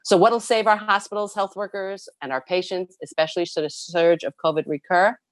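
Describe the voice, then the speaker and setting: A low-pitched woman reads prepared testimony at a public hearing. She speaks earnestly and leans hard on key words. The sound is dry and close, with little room tone. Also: fairly even intonation, a little fast, dry recording. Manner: earnest, emphatic, reads a prepared statement with stresses and repeats. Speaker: nurses' union president testifying.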